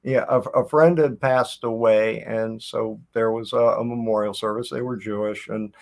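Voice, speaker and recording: A man in his fifties from Tennessee, a guest telling long stories in a relaxed chat over a video call. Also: on the low side, creaky. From Tennessee, USA. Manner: unhurried, rambling storyteller. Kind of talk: casual chat.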